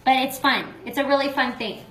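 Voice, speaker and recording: A young woman with a bright, high voice co-hosts a cooking show, chatting in a bubbly way between steps. Her voice rings in an echoey room. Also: steady tone, brisk, a little hiss or hum. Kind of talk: live cooking demonstration.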